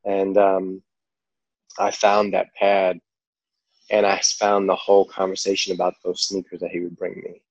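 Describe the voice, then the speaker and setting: A man's voice: low voice, completely flat delivery, a little slow, no echo, muffled recording. A man with a New York accent, a podcast guest telling stories in a rambling, casual way, full of "like" and "you know". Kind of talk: casual storytelling.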